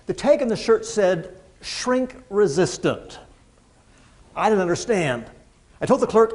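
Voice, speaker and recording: High-voiced man telling funny stories. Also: big pitch swings, measured pace, pauses often, darkish tone. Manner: humorous storytelling, punchline timing. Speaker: motivational speaker. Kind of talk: keynote speech to a live audience. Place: large room with audience.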